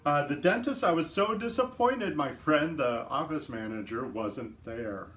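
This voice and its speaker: A man's voice: a little high, animated, measured pace, fairly bright tone, faint music behind. A man hosting a casual live stream, chatting easily, laughing often and greeting viewers by name. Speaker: livestream host. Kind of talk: casual chat.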